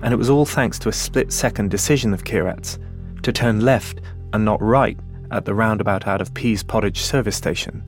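Measured man narrating a documentary. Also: lowish voice, soft background music. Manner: measured, deliberate storytelling. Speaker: podcast host and journalist.

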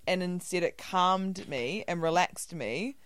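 A woman's voice: lowish voice, measured pace, no echo. A woman with a New Zealand accent, a guest on a comedy podcast, rambling and laughing as she talks. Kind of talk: casual comedy podcast chat.

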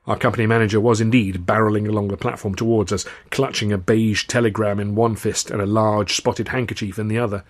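A man, the author, reading his novel aloud in measured, dry first-person narration. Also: fairly low pitch, flat delivery.

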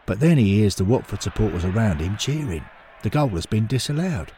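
A man narrating a story in an expressive, dramatic scripted manner. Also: fairly low pitch, a little hiss or hum.

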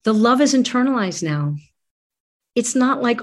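A woman's voice: a little high, moderate pace, a little mellow. A middle-aged woman, a guest in conversation, speaking earnestly and reflectively, often restarting her phrases. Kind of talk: candid conversation.

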